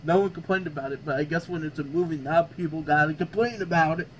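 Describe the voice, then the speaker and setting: A man's voice: a little high, quick pace, slight background noise, low-quality recording. A man hosting a reaction video, talking back sarcastically at what he reads and tripping over words. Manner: stumbles and restarts over words. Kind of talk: casual reaction commentary.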